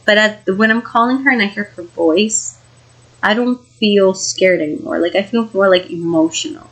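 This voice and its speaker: With a mid-range, fairly bright voice at a moderate pace, a young woman rambles through a scary true story for her vlog, dropping fillers and the occasional swear. She comes across shaken and emotional, and the audio is poor.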